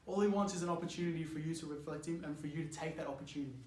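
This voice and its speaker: Speaking at a racing pace in a reverberant room, this young Australian youth speaker has a fairly high voice. His casual sermon is a chatty, animated story full of "like" and frequent laughter.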